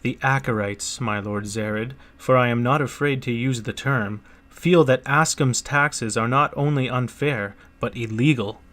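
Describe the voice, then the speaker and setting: An earnest merchant pressing his case to a prince in an audiobook, read by a man. The voice sits at an ordinary male pitch and leans forward with a pleading, persuasive push, keeping the reading plain rather than theatrical. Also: unhurried, few pauses, fairly bright tone, natural voice. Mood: urgent.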